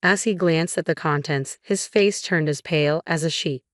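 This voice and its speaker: Female narrator, deep register, measured scripted storytelling, dry booth. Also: no echo.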